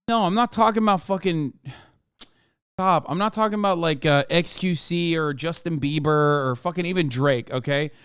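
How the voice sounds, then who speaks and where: An American man streams a sarcastic, profane rant as he reacts to news articles. His voice is on the high side, a bit bright and smooth, at a moderate pace, captured in clean studio sound with no room echo.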